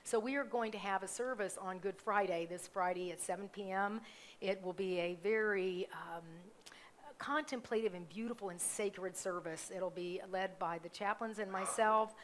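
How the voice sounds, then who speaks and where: A woman's voice: mid-range voice, normal speed, slight background noise. Chatty woman minister making announcements. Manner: chatty, warm asides, self-correcting, many ums. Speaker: minister giving church announcements. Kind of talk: live church announcements. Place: church sanctuary, live service.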